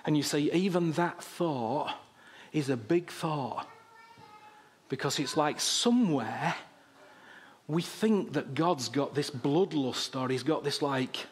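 A man's voice: a little high, takes it slowly, husky. A man preaching a sermon, impassioned and repetitive, often asking "you understand me?".

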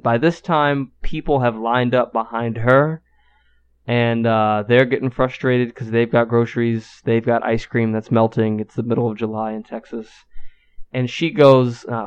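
Smooth-voiced man telling a casual story. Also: mid-range voice, fairly even intonation, unhurried, lo-fi sound. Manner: loose, profane, filler-heavy. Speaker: podcast co-host.

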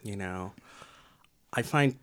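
An American man trading jokes in easy podcast conversation, often lively and quick to riff. His voice sits a little low for a man. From United States. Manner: jokey, animated banter. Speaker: podcast co-host. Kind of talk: casual chat.

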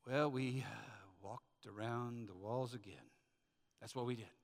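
A worn-out ancient soldier mutters quietly and flatly about his day of marching, as a preacher puts him on. The voice drops low and soft, with a long echo ringing through the church hall. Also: measured pace, gravelly. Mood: weary.

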